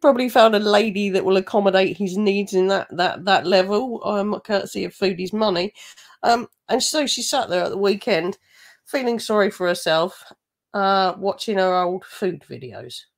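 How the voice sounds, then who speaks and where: A woman's voice: medium pitch, normal speed. A woman giving mocking, gossipy commentary over a video she is reacting to. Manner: sarcastic, gossipy asides.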